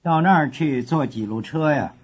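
Male actor as a young student asking directions, slightly husky, slow careful drill lines, lo-fi tape. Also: a little high. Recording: dull lo-fi course tape.

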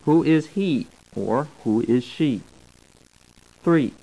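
A man reading a scripted language course, slowly spelling out words and their tones. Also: medium pitch, lively intonation, warm tone, rough recording. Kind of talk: scripted instructional narration. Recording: old tape recording.

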